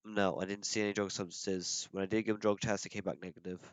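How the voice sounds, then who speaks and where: A man with a very low voice, playing a police officer on the witness stand in a role-play court. He answers casually and hesitantly, padding his answers with fillers. The sound is dry and close. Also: flat delivery, quick pace, clear, resonant tone, no echo.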